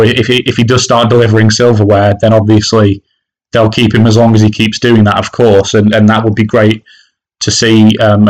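Man, lowish voice, casual football podcast chat, hesitant, lots of restarts. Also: rough recording. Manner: hesitant, many restarts and fillers. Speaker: podcast co-host, football fan.

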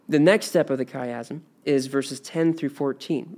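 A man's voice: a little high, unhurried, a little mellow. A man teaching a Bible lesson, reading scripture aloud and explaining it with frequent restarts.

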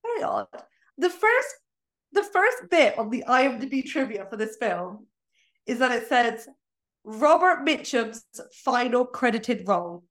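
A woman co-hosting a film podcast who talks in animated, opinionated bursts and laughs often. Her voice sits a little high. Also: unhurried. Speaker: podcast host. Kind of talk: casual film review chat.

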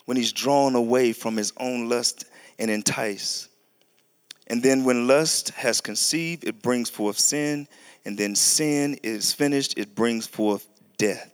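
A man preaching a sermon, reading scripture slowly and deliberately, then breaking into animated, sudden high and loud bursts. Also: clean tone. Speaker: pastor.

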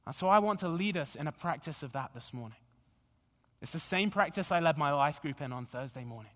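A pastor speaking slowly and deliberately in a sermon, guiding the congregation through a scripture meditation. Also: male voice, fairly high pitch, lively intonation. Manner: slow, deliberate and gentle. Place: church sanctuary. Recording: long hall reverb.

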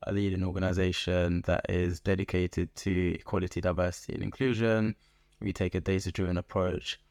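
A middle-aged man with a London accent, a guest in an interview, speaking in a thoughtful, measured way with frequent pauses. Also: low-pitched, little pitch movement, darkish tone, no room sound, studio quality. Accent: London English. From England. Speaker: guest, organization founder. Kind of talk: conversational interview. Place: podcast booth.

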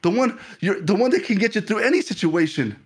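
A man's voice: high voice, animated, a little fast, slightly rough. A man. He stumbles into restarts and repeats words as he presses his point, turning often to the congregation to check that they are following him. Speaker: pastor. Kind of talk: sermon.

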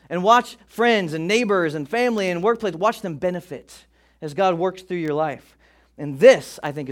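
High-pitched guy preaching, jokey animated pastor, church sermon. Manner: animated, humorous storytelling. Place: church auditorium.

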